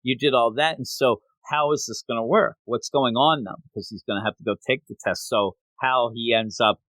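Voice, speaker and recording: A man hosting a podcast, recapping a manga chapter in a lively casual chat and laughing often. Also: medium pitch, brisk, no echo. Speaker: podcast host.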